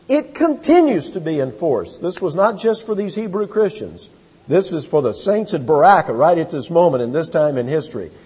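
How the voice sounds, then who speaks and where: A man preaching from a church pulpit, his slightly husky voice sitting fairly high and swinging widely in pitch. He slows down to hammer home single words and climbs to loud repeated phrases. The recording is dull and lo-fi, with a long reverb trailing each phrase. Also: expressive. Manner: emphatic, slows to stress key words, rising to loud repetitions. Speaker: pastor. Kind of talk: expository sermon. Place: church sanctuary.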